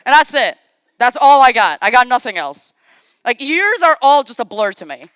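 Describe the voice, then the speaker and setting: A woman at a conference podium walks the room through code as she types, chatting and making self-deprecating jokes. Her voice is fairly high and swoops up and down with lots of life. The sound is clean and dry, with no room echo. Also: very animated, moderate pace, a bit bright, smooth. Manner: thinks aloud while typing, talks to the audience. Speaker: conference speaker. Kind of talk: live-coding tech talk. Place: conference stage.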